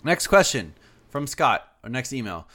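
A man co-hosting a casual gaming podcast, talking in a relaxed, halting way and often restarting his sentences. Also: mid-range voice. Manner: hesitant, lots of restarts and fillers. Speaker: podcast co-host.

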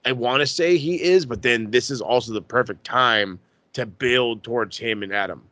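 Excitable, profane man with a bright voice. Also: medium pitch, moderate pace, no echo. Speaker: podcast co-host. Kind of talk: casual chat.

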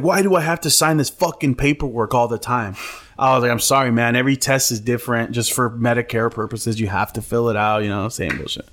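A man co-hosting a casual podcast, telling an animated story full of swearing and mimicked voices. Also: medium pitch. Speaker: podcast co-host.

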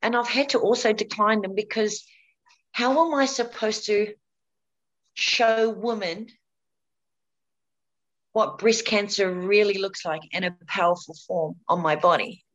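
Speaking unhurriedly with long pauses, a woman whose mid-range voice is a bit bright shares her personal story as an interview guest. A breast cancer survivor, she talks frankly and repeats words often, and the audio quality is poor.

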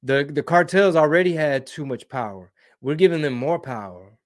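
A slangy man rambles through viewer comments on a casual live stream. His voice sits a bit high for a man, and he drops Spanish words into his talk. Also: moderate pace. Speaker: comedian hosting a live stream.

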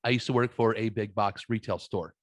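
Animated man telling a story, dry sound. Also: on the low side, brisk, no echo. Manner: animated storyteller, swears, laughs. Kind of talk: casual storytelling chat.

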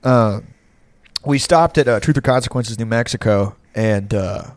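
A man's voice: mid-range voice, measured pace, dry recording. A man telling a long, rambling story in casual chat, swearing freely and breaking into laughs.

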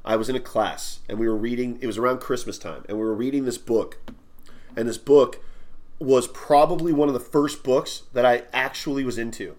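A man's voice: medium pitch, brisk, darkish tone. A man co-hosting a podcast, telling a long childhood story in loose, rambling casual chat and swearing along the way. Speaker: podcast co-host.

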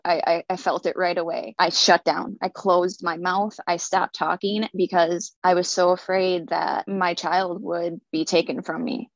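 A woman telling her own story in an earnest, halting way, sometimes repeating words. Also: lowish voice, gravelly, dry recording. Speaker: speaker sharing a personal story. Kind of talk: personal testimony. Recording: dull lo-fi recording.

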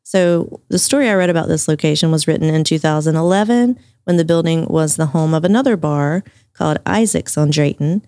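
A woman's voice: sits low, a little fast, warm tone, no echo, studio quality. A woman, co-hosting a podcast and telling local ghost stories in a casual, laughing way. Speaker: podcast co-host. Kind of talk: casual chat, storytelling.

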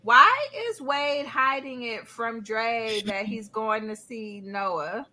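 A woman's voice: fairly high pitch, steady tone, slow pace, bright, forceful tone, a little hiss or hum. A woman co-hosting a casual podcast chat, talking in incredulous rhetorical questions. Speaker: podcast co-host.

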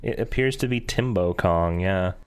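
Casual lower-voiced man chatting. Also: moderate pace, clean tone. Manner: relaxed, rambling, laughs often. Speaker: podcast co-host. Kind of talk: casual chat.

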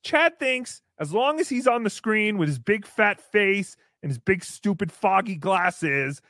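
A man's voice: sits high, lively intonation, a little slow, pushed and bright, dry recording, studio quality. A male podcast host giving sarcastic, taunting comedy commentary. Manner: sarcastic, taunting, jumps into sing-song mockery.

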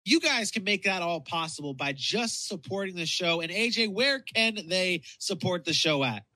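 A man's voice: sits high, lively intonation, moderate pace, pushed and bright, no echo, poor audio. A man co-hosting a sports podcast, playful and drawn out, running through plugs and an ad read. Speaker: podcast co-host.

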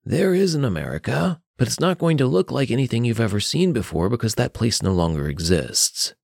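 A man's voice: mid-range voice, big pitch swings, brisk, creaky, darkish tone, no echo, clean studio sound. A man voicing an old grandfather with a thick, tired voice in an audio story. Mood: explaining.

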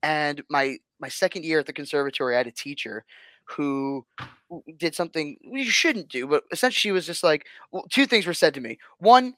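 A man chatting casually as a guest, telling lively stories and acting out what people said. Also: fairly high pitch, a little fast, no room sound. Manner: animated storyteller, acts out quotes with big swings. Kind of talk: casual chat.

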